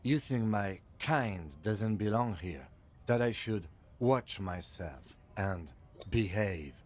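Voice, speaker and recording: An actor voicing a composed, stern police lieutenant in a video game, measured and firm. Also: male voice, on the low side, lively intonation, a little mellow. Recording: dull game audio with faint hiss.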